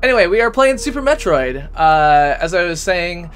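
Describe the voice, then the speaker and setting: A man's voice: high-pitched, sing-song, moderate pace, fairly bright tone, a little hiss or hum. A man streaming a game live, chatting casually into a desk microphone in a rambling, self-deprecating way. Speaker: gaming streamer. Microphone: USB desk microphone.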